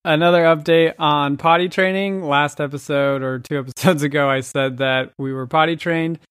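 A man's voice: fairly high pitch, fairly even intonation, normal speed, a bit bright, clean tone, dry recording, clean studio sound. A man in his thirties hosting a podcast, chatting casually and laughing often as he talks. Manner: laughs often while talking. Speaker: podcast host. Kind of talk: casual chat.

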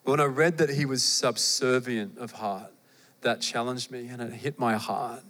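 Young Australian male preacher, chatty and lively, mid-range voice, recorded with hall reverb. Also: medium pitch, moderate pace. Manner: conversational and animated, with asides to the audience. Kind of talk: sermon.

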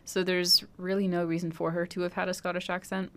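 A woman's voice: fairly low pitch, little pitch movement, fairly quick. A young woman co-hosting a podcast, talking through a film in a thoughtful, analytical, chatty way. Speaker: podcast co-host. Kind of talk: casual chat.

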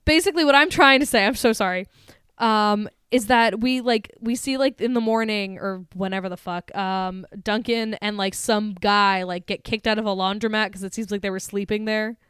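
A woman co-hosting a horror movie podcast, retelling scenes in animated, sweary casual chat. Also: mid-range voice, normal speed, clean tone, no room sound. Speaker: podcast co-host.

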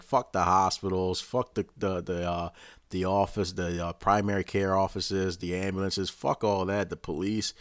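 A man with a very low voice delivers a rambling, profanity-heavy rant, speaking casually to his own channel. He restarts his sentences often and swears constantly. The sound is dry and close, with no room echo. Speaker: vlogger.

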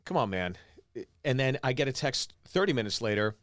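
A man's voice: mid-range voice, fairly quick, no echo, studio quality. A man from Pittsburgh, a comedian guest on a podcast, telling a casual story full of quoted dialogue. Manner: animated anecdote teller, lots of quoted dialogue.

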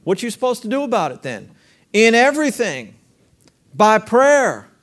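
High-voiced male preacher. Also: big pitch swings, moderate pace, a bit bright. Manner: conversational preaching with rhetorical questions and call-and-response. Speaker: pastor. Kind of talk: sermon.

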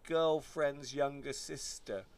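A man from England telling funny stories in a casual podcast chat, jokey and animated. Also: a little high, slow pace. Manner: animated, jokey, mimics shrieks.

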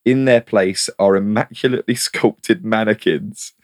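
A man's voice: lowish voice, a little slow, a little mellow. A man co-hosting a casual film review podcast, laughing often and swearing casually. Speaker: podcast co-host.

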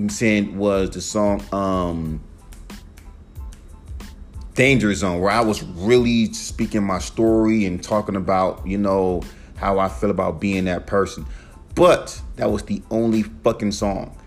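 A man hosting his own podcast, ranting casually and profanely about rap and his music with emphatic, animated delivery. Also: fairly low pitch, measured pace. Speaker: podcast host and rapper. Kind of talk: casual solo podcast rant.

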